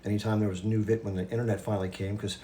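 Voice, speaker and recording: Fast-talking man in his fifties. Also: fairly low pitch, flat delivery, mellow, slight background noise. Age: 50s. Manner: talks fast, with restarts and asides. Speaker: livestream host. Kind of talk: casual livestream talk to viewers.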